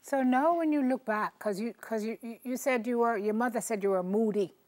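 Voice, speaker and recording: A woman hosting a talk show interview, calmly recapping her guest's story. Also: on the high side, fairly quick.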